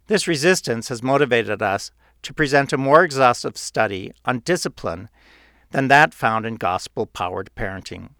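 A man reading his own book aloud in a measured, earnest narrating style. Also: mid-range voice, expressive, sharp tone, no echo, clean studio sound. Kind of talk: audiobook narration.

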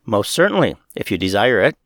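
A man reading a gentle, kindly departed brother. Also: on the low side, sing-song, fairly quick, no echo, clean studio sound. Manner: gentle, soothing.

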